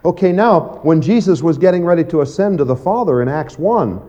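A man preaching in a folksy, conversational manner with a lively, swooping pitch. His tone is warm and somewhat higher than most men's, and he keeps checking in with "you see" and "okay." The recording sounds muffled and lo-fi. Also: brisk. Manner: animated, acts out quoted voices with big pitch jumps. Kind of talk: evening Bible teaching.

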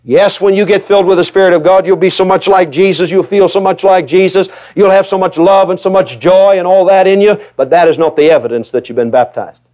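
A male preacher delivering a sermon with a notably high-pitched voice. He is animated and emphatic, slipping into little acted voices of hesitant listeners and hammering points home with repetition. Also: quick pace, few pauses. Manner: animated, acts out voices of reluctant believers.

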